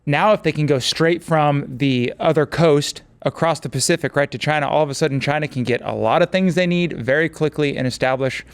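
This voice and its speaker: A man's voice: a little high, a little fast, few pauses, smooth. A man co-hosting a casual political commentary show, explaining points at length in a conversational way. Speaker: co-host.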